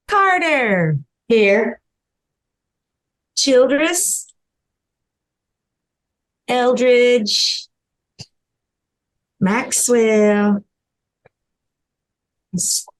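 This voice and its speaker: A woman taking the roll at a council meeting, reading names in a deliberate way. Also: fairly high pitch, expressive, poor audio. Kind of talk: roll call.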